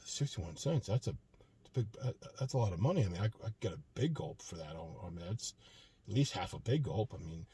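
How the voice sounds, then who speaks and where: A man's voice: low voice, animated, brisk, warm tone, breathy edge, no echo, voice pushed down, full character voice. A man voicing a stingy male shopper who mutters hesitantly over spare change. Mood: grudging.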